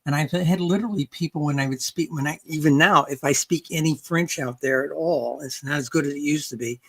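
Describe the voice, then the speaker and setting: Brisk and low, with a slightly rough, somewhat bright quality, the voice belongs to an older woman who is a guest researcher and author. In this casual interview she rambles, frequently restarting and asking "okay" to check in.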